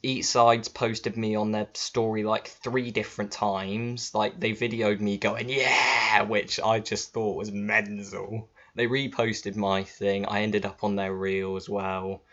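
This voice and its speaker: A man with a lowish voice talks straight to camera, loose and informal and not shy about swearing. The sound is dull and lo-fi, picked up by an old laptop's built-in mic. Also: level tone, measured pace, few pauses, a bit bright. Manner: chatty and informal, swears freely. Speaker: vlogger. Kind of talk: casual storytelling to camera.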